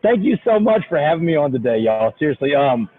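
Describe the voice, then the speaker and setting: A man's voice: on the high side, sing-song, fast. Man on a tinny phone line. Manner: folksy, keeps saying y'all. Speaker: guest speaker. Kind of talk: motivational storytelling. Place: airport.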